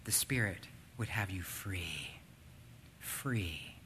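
A man preaching a sermon, swinging between loud, urgent passages and hushed, near-whispered ones. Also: sits low, lively intonation, very slow, slight background noise. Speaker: pastor.

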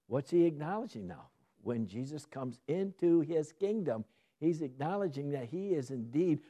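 A man leads a Bible study in a sermon style, with a voice that sits a little high and swings widely in pitch. He poses questions and answers them himself, and he builds into emphatic peaks. His tone is mellow and soft-edged. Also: normal speed. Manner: lively, asks questions and answers them, rising to emphatic bursts. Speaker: Bible teacher.

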